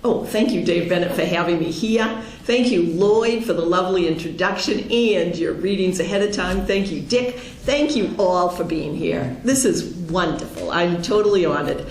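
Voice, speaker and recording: A woman's voice: lowish voice, normal speed, hardly any pauses, echoey room, slight background noise. A middle-aged woman with a Boston accent, telling a personal story to a congregation in an earnest, storytelling way. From Pennsylvania. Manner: earnest, storytelling, lively quoted dialogue. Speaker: guest speaker.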